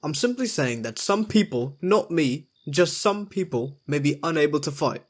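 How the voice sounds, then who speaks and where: A man's voice: fairly high pitch, lively intonation, moderate pace. A man voicing a polite, deferential army officer in a cartoon.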